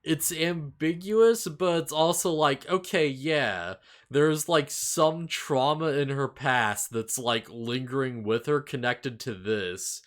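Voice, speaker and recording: A man's voice: medium pitch, takes it slowly, a bit bright. A man chatting casually as a co-host of an anime review show, rambling with lots of fillers and upbeat asides. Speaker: podcast co-host. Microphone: face cam with desk mic.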